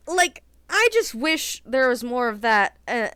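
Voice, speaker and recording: A woman chatting in a casual vlog, animated and talkative, filling her speech with "like" and laughing at her own opinions. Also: a little high, measured pace, clear, resonant tone, no room sound, clean studio sound. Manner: chatty and animated, heavy use of "like". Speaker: vlogger.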